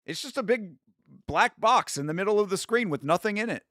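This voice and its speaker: A man hosting a watch-along from home, chatting casually, rambling, laughing at his own jokes and sometimes bursting out loud. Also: sits high, expressive, brisk, dry recording, clean studio sound. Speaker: YouTube host doing a watch-along. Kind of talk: casual live commentary.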